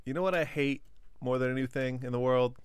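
Sarcastic male co-host, smooth, crisp voice, dry close sound. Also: medium pitch, steady tone, fairly quick, dry recording. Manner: sarcastic, exaggerated disgust. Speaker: podcast co-host. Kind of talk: casual comedic chat.

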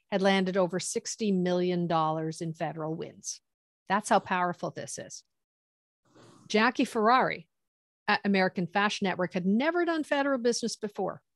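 A middle-aged woman consultant telling stories in conversation, animated and acting out quoted dialogue. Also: medium pitch, dry recording, clean studio sound. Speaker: government contracting consultant. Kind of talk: conversational storytelling.

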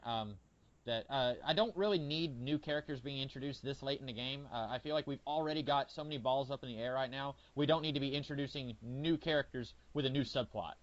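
A man's voice: medium pitch, fairly quick. Chatty man with a dull lo-fi sound. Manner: rambling, frequent fillers, animated retelling. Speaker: podcast co-host. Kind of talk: casual chat. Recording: dull lo-fi audio.

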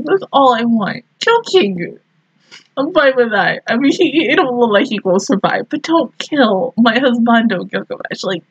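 A woman's voice: on the high side, animated, moderate pace, slightly rough, no room sound, dull audio. A young woman reacting to an anime episode, swearing, exclaiming and laughing often. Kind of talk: casual reaction commentary.

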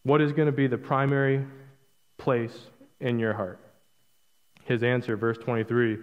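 A man preaching a sermon as pastor, emphatic, acting out quoted lines in a conversational way and dropping to a hushed low voice on key words. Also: steady tone, a little fast. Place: church sanctuary. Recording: dull audio with long reverb in a hall.

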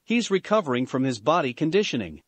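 Guy doing a pumped-up young fighter, earnest, bouncy pitch. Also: fast, no echo. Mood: eager. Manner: enthusiastic, excitable. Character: eager muscular young male fighter, loud and earnest.

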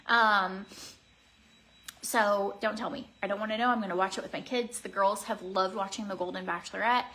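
A woman's voice: mid-range voice, steady tone, moderate pace, pushed and bright. A woman in her thirties chatting casually as a vlogger while getting ready at home, rambling earnestly with lots of fillers. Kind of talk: casual get-ready-with-me chat. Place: home, indoors.

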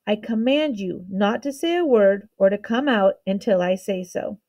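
A woman's voice: medium pitch, moderate pace, darkish tone, lo-fi sound, natural voice. A woman reading aloud and voicing an amused, playful male king who gives orders in a teasing way. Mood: commanding. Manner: commanding yet teasing.

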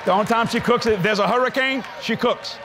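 A man preaching at a convention, telling folksy stories in an animated way with frequent laughs. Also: very high-pitched, fairly quick, crowd noise, background noise. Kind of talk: storytelling sermon to a live audience. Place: convention stage.

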